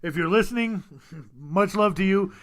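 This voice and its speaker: A man's voice: high voice, moderate pace. A man co-hosting a podcast, rambling and joking with friends and laughing often. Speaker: podcast co-host. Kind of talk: casual podcast banter.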